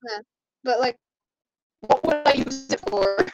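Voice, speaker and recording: A woman's voice: sits high, unhurried, dull audio, over loud music. A woman playing in a tabletop game, chatting casually and asking blunt questions about her options.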